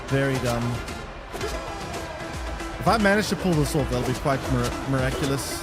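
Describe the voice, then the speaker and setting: A male game streamer with a lively voice that jumps up and down in pitch, calling out as he plays. His pitch sits mid-range. Faint game music plays quietly underneath him. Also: normal speed, long pauses. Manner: animated, exclaims and talks to chat. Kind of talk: live gameplay commentary.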